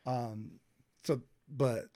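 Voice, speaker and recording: A young man co-hosting a casual podcast chat, animated and swearing freely, laughing often. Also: medium pitch, drawn-out words. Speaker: podcast co-host.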